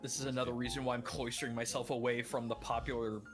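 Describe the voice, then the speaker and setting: A man guest on a stream, telling a travel story in a measured, dry-humored way. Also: mid-range voice, flat delivery, over music. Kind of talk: casual chat, storytelling.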